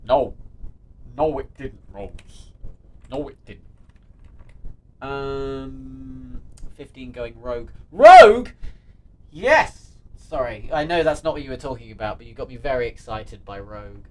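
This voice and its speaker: A man chatting casually on a live stream, reading viewer comments aloud, excitable and often laughing, swearing freely. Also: mid-range voice, measured pace. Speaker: streamer answering live chat.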